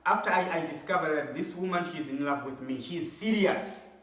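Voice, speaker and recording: A middle-aged man with a somewhat high voice speaks in a casual, preachy advice monologue. He hammers his points home by repeating them. The sound is very echoey, as if he stands back from the mic in a bare room. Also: normal speed, fairly bright tone, far from the mic. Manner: preachy, repeats himself for emphasis. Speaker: advice vlogger.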